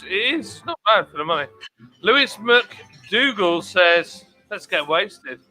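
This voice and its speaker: A man's voice: sits high, very animated, slow, pushed and bright, soft background music. A man hosting a casual livestream chat, reading out viewer comments in a laid-back, chatty way. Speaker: livestream host. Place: home.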